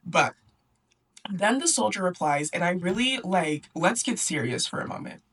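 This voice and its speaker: A woman's voice: on the low side, lively intonation, normal speed, a bit bright, breathy edge, far from the mic. A young woman hosting a book club, recapping a story in a chatty, sarcastic way, often laughing and acting out the characters. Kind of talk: casual book recap and commentary.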